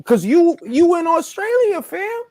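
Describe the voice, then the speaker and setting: A man's voice: sits high, sing-song, moderate pace, darkish tone, no echo. A man hosting a casual boxing panel chat, talking in an emphatic, slangy way. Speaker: podcast host.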